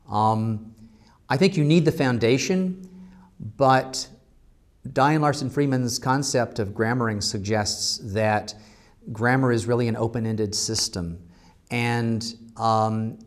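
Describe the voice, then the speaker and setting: A man, a university language instructor, giving thoughtful interview answers with many fillers and restarts. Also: mid-range voice. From United States.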